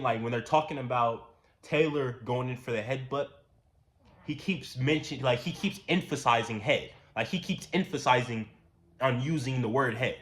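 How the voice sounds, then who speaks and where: A man giving a casual, profane, ranting commentary, repeating himself and getting louder when worked up. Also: mid-range voice. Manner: animated, repetitive, profane, rising to near-shouts when worked up. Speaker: commentary channel host.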